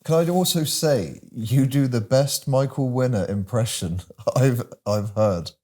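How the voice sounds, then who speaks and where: A man hosting an interview, admiring and asking his guest gentle questions. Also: mid-range voice, unhurried. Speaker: interview host. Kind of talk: interview chat.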